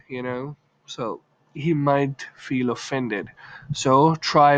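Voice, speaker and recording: A man's voice: mid-range voice, slow pace, no echo. Chatty male English teacher, dull recording. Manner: chatty, acts out short example lines. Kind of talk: casual video lesson.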